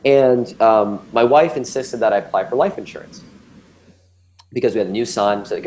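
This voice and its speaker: A man's voice: lowish voice, moderate pace, darkish tone, a little hiss or hum, rough recording. A man in his thirties, recounting a personal health scare in a candid conversational way, with lots of ums and restarts. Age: 30s. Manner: candid, filler-heavy storytelling with many ums and restarts. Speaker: guest telling his story.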